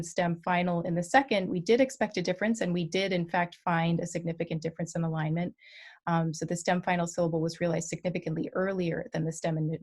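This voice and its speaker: A woman's voice: lowish voice, darkish tone. A woman giving an academic linguistics talk online, explaining slides carefully with frequent ums and self-corrections. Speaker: guest lecturer.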